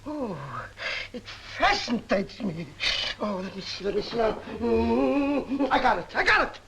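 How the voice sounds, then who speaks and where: An actor playing a brash, excitable male song publisher who talks in fast, slangy, theatrical sales patter, in a 1950s film comedy. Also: extremely high pitch, gravelly, a little hiss or hum, full character voice, poor audio. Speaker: music publisher.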